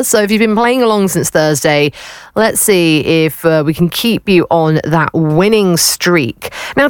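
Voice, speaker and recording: A woman's voice: on the low side, smooth, dry recording, studio quality. A woman presenting a radio show, chatty and upbeat as she hosts a quiz. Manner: chatty and upbeat, lively delivery. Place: radio studio. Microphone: studio microphone.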